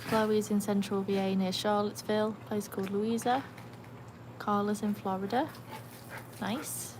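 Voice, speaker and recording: Outdoors by a pool, a British woman hosts a relaxed livestream in a steady, mid-range voice at a moderate pace. She chats, reads out viewer comments, and coaxes her dogs, with splashing and barking in the noisy background.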